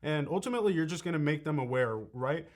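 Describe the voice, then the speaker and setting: A man's voice: fairly high pitch, expressive, quick pace. A young man giving a sales training lesson in a conversational way, often checking in with "right?". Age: young adult. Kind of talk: coaching talk.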